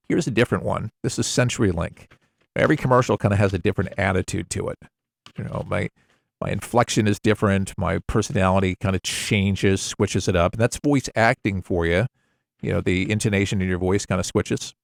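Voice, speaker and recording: A man working as a voiceover coach, explaining the craft in a relaxed, conversational way with examples. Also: on the low side, quick pace, creaky, no echo, clean studio sound. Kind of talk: casual instructional talk.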